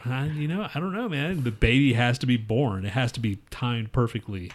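A man's voice: medium pitch, normal speed. A man co-hosting a podcast who rambles through crude jokes, swears a lot, and reads trivia facts aloud in casual banter. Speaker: podcast co-host.

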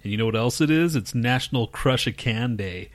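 A man's voice: medium pitch, animated, fairly quick. A man co-hosting a podcast, rambling through crude casual banter, swearing freely and laughing often. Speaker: podcast co-host.

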